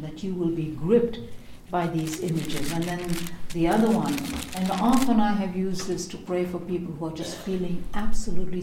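A middle-aged woman giving a devotional teaching on prayer, telling stories expressively and slowing down to read scripture. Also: lowish voice, noisy background. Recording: echoey room.

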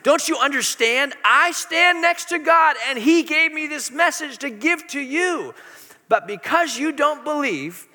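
Guy doing a stern angel, emphatic and pushy, high bright voice, big hall echo. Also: lively intonation, moderate pace, few pauses. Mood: insistent. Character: stern male angel messenger rebuking a doubter.

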